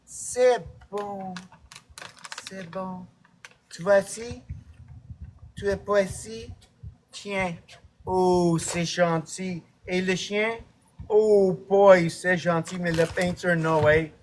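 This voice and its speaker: A man's voice: steady tone, slow, pauses often, a little hiss or hum. A man putting on a doting fusser. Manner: fussy, doting, high and sing-song.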